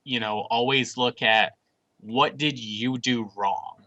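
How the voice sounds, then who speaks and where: A man co-hosting a gaming podcast, blunt and animated in casual chat. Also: medium pitch, takes it slowly, muffled recording. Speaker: podcast co-host.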